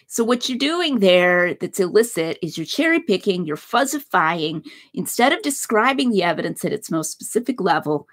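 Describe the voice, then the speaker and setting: Husky woman lecturing with lively pitch. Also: normal speed, few pauses. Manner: conversational explaining with hypothetical examples. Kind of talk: philosophy lecture.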